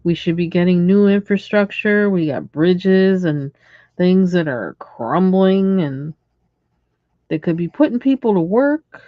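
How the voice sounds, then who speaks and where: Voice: medium pitch, lively intonation, a little slow, dry recording, muffled recording. A livestream host ranting casually and in exasperation while coloring, chuckling between lines.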